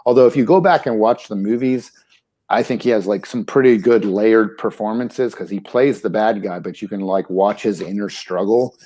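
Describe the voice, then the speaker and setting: A father telling an anecdote in casual chat, careful and hesitant with many pauses. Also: on the low side, dark tone. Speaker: parent.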